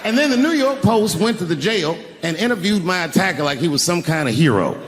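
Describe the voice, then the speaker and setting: Animated stand-up comedian man. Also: high-pitched, brisk, background noise. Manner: animated, shouting the punchlines. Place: large live venue. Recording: echoey live hall, audience laughter.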